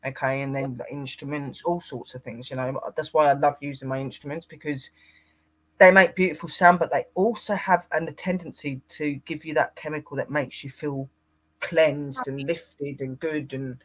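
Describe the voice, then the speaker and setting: A man's voice: a little high, steady tone, normal speed, fairly bright tone. A man co-hosting a casual paranormal livestream, rambling and greeting viewers by name.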